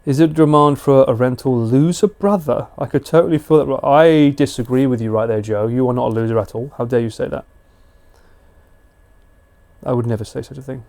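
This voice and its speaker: A man's voice: mid-range voice, fairly quick, gravelly, a little mellow. A British man chatting casually and slangily with viewers on a live stream. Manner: chatty, laid-back, slangy.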